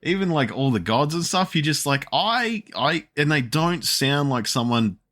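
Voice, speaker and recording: A man's voice: mid-range voice, animated, normal speed, fairly bright tone. A man hosting a casual podcast chat, rambling with many restarts and frequent laughs. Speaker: podcast host.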